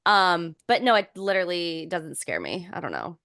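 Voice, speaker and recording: A young woman co-hosts a podcast in relaxed, rambling chat. She fills her talk with fillers and restarts, and her voice sits fairly low. The sound is close and dry. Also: normal speed, no echo. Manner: chatty, filler-heavy, many restarts, animated when amused. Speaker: podcast co-host. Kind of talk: casual chat.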